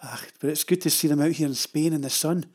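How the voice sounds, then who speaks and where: An older Scottish man tells rambling, wry stories about his travels, chatty and prone to digressions. His voice is on the high side with a breathy edge, and he talks fast.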